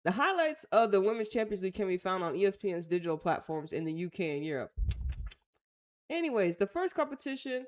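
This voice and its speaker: A woman's voice: medium pitch, big pitch swings, fairly quick. A woman with an American accent hosting a casual talk show, reading news aloud and reacting bluntly in slangy, offhand remarks. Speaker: host.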